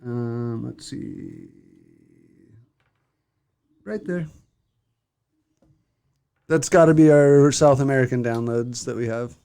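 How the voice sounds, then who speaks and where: A man's voice: medium pitch, slow pace, vocal fry, long pauses, clean tone, dry recording. A man co-hosting a casual podcast, rambling and joking as he reads out listener locations. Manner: rambling, jokey, reads listener shout-outs. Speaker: podcast co-host.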